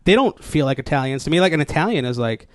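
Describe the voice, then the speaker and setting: A man's voice: a little high, animated, fast, no room sound. A man doing a stand-up set on a live stage, rambling with lots of likes and restarts and laughing at his own jokes. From New Jersey, USA. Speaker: stand-up comedian. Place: comedy stage before a live audience. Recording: live stage mic with audience noise.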